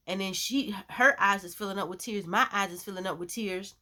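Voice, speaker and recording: A woman sharing a personal faith testimony as a vlogger, in a chatty, animated storytelling way with lots of "you know.". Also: mid-range voice, moderate pace. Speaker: Christian vlogger.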